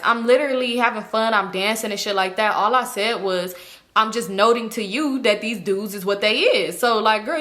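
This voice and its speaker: Bright-voiced young woman telling a story. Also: medium pitch, moderate pace. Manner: slangy, animated, acts out quoted people. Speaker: storytime vlogger. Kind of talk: casual storytelling.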